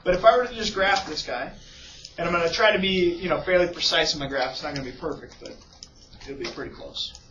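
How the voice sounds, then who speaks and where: A man's voice: fairly high pitch, fast, pushed and bright, a little hiss or hum. A male math teacher lecturing casually in a classroom, often checking in with his students. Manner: casual, keeps checking in with "okay?" and "right?". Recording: echoey, distant, muffled classroom recording.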